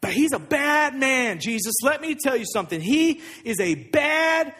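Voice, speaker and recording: An outraged male disciple fires off one accusation after another in a high, husky voice that leaps up and down, played by a pastor. He sounds emphatic and worked up. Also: very animated, normal speed, pushed and bright, exaggerated voice. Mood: indignant. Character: indignant male disciple ranting about a sinner.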